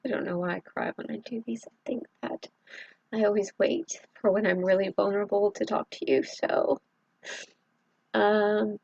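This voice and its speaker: A middle-aged woman from Southeast Texas talking in a halting, earnest confessional vlog, with many pauses and fillers. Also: medium pitch, fairly even intonation, creaky, darkish tone, husky, dry recording, dull audio. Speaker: vlogger.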